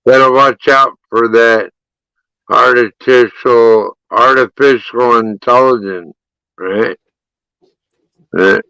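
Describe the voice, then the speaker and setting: A man moderating a live stream, chatting casually in a slow, laid-back drawl. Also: mid-range voice, steady tone, gravelly, pushed and bright, clean tone, dry recording, poor audio.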